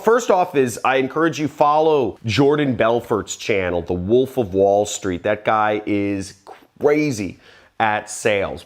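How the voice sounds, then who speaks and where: A man hosting his own video channel, talking to camera with confident, emphatic sales advice, his phrases often dropping low and quiet at the end. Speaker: online business vlogger. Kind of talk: direct-to-camera sales tips talk.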